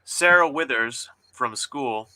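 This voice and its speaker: Bright-voiced man hosting a book critique. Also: medium pitch, expressive. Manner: laughing, playful critique with dramatic pauses. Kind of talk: casual chat and reading aloud.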